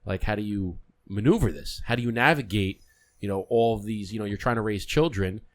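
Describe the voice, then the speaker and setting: A man's voice: on the low side, brisk. A man hosting a podcast, chatting casually and animatedly, acting out the people in his stories. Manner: animated storyteller, acts out voices in stories. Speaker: podcast host.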